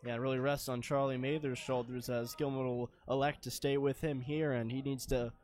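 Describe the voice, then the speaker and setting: A man's voice: medium pitch, flat delivery, fairly quick, darkish tone. A man giving color commentary on a baseball game, playful and joking in his asides.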